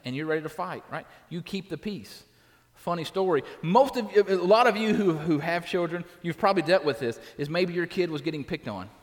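High-voiced man preaching a sermon. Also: big-room sound. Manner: conversational, repeats "right?" often. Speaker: pastor. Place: church sanctuary.

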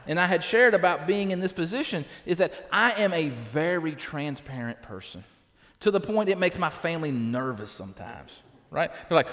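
Pastor in the pulpit, a man with a high voice, talking plainly to his congregation; church reverb on the sound. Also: expressive, a little fast, a bit bright. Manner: conversational, tags lines with "right?". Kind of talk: sermon.

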